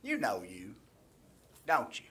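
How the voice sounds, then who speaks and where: A man preaching a sermon into a microphone in a church, swinging from shouting to hushed near-whispers. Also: on the low side, huge pitch swings, slow. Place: church sanctuary. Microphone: handheld or stand microphone.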